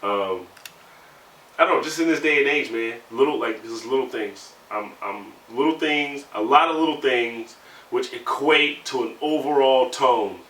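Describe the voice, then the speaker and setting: Thirties man, conversational, heats up telling stories; bright timbre, recorded in a roomy space. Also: mid-range voice, measured pace. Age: 30s. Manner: conversational, heated when recounting, many "you know" fillers. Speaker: navy sailor interviewee. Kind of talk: candid personal storytelling. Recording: roomy sound, mic at a distance, faint background hum.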